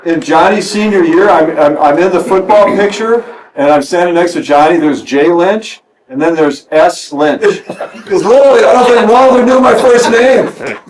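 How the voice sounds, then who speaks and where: A man's voice: high-pitched, normal speed, background noise. A middle-aged man reminiscing in casual chat with wry, dry humor. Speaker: former player reminiscing.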